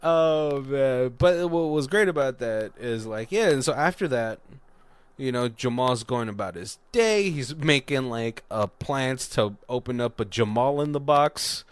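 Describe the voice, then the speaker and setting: A man recaps a movie in a loose, rambling way, laughing between his sentences. His voice sits at an ordinary middle pitch. The recording is dry, close and without room sound. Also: lively intonation, unhurried, smooth, dry recording. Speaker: podcast co-host.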